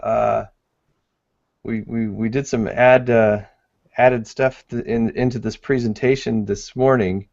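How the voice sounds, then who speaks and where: A man's voice: mid-range voice, steady tone, takes it slowly, vocal fry, a little mellow, highs cut off. A man co-hosting a live webinar in casual chat, laughing often and reading the chat aloud. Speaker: webinar co-host.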